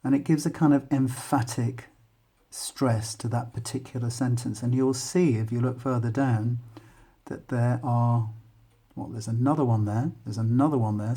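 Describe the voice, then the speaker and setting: A man with an English accent, talking students through a poem and thinking aloud in an unhurried, explanatory way. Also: medium pitch, vocal fry, warm tone, slightly rough. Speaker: English teacher.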